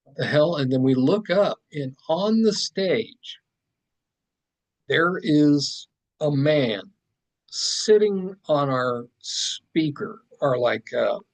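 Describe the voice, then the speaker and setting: A man, a podcast guest and artist, telling a story in a casual, animated way with plenty of fillers and asides. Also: on the high side, very slow, poor audio.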